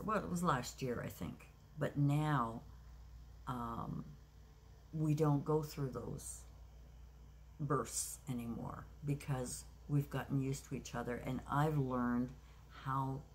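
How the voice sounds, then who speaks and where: A woman in her sixties telling a personal story in a reflective, unhurried way, with many pauses and restarts. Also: a bass voice, a little mellow, slight background noise. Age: 60s. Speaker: craft vlogger.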